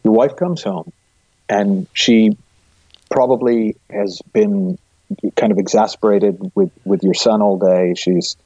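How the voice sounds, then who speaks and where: A man's voice: fairly low pitch, steady tone, takes it slowly, warm tone, no room sound. A middle-aged man, a guest and coach, thoughtfully explaining ideas with vivid images in a reflective conversation, recorded with dull, lo-fi sound.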